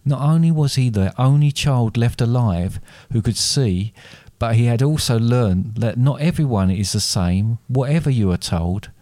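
A medium-pitched man reads his own dark fairy tale aloud as a storyteller, narrating steadily and deliberately, then chats with his co-host. The recording is dry.

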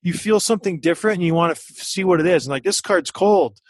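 A man in his thirties telling a story in casual chat, animated and acting out what people said. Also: a little high, racing, no echo. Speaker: podcast guest, former hockey player.

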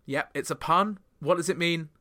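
A man's voice: on the high side, moderate pace, bright, forceful tone. A man hosting a podcast chart countdown, chatting through the songs with wry, joking asides. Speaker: podcast host.

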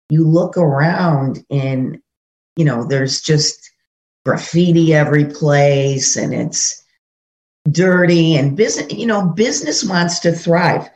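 A woman's voice: low voice, darkish tone. A woman running for office, telling indignant stories in an interview with many fillers. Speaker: political candidate. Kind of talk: interview conversation. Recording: dull lo-fi audio.

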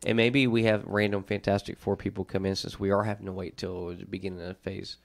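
A man co-hosting a casual chat show, excitable and quick to jump in, laughing and restarting often. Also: deep voice, gravelly.

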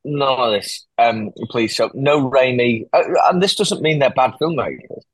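A man chatting on a podcast, lively and quick to laugh. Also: medium pitch, husky, no echo, low-quality recording. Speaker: podcast guest. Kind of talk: casual chat.

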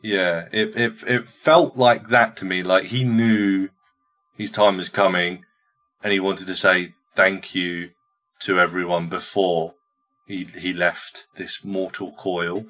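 A man's voice: sits low, fairly even intonation, slow pace, bright, forceful tone. A man co-hosting a podcast, sharing his reactions to music in a casual, hesitant way, with frequent restarts and filler sounds.

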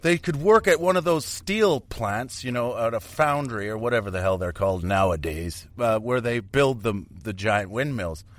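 A man's voice: medium pitch, lively intonation, normal speed, hardly any pauses. A man from Canada, chatting casually as a podcast co-host, joking and swearing as he goes. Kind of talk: casual chat.

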